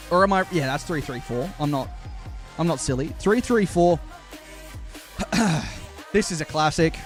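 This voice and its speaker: A young man talks to his viewers on a live stream, playful and chatty. His voice sits high. Faint music plays underneath him. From Australia. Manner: chatty, playful, addresses chat directly. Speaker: streamer and caster.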